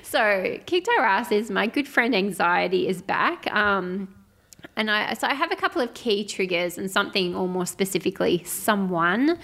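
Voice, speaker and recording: A woman co-hosting a podcast in casual chat, candid and quick to laugh, with frequent fillers. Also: medium pitch, animated, a bit bright. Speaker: podcast co-host.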